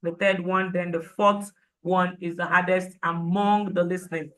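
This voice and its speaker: A woman leads an exam-prep lesson in a bright, forceful voice. She drives each tip home by restating it and checking in with the class through quick rhetorical questions. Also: fairly low pitch, flat delivery, poor audio. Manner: repetitive, emphatic, rhetorical questions to students. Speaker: IELTS prep teacher. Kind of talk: live online class lecture.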